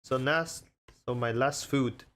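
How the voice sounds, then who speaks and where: A man's voice: medium pitch, takes it slowly, a bit bright, a little hiss or hum. A man streaming casually, rambling and self-conscious as he shows off the different voices he talks in. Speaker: VTuber streamer.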